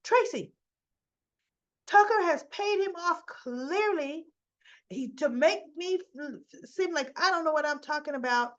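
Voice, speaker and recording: Woman doing a frazzled, panicky woman, pitched up, dull lo-fi audio. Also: a little fast, few pauses, fairly bright tone. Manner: panicky, repeating herself. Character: frazzled upset woman insisting she is right.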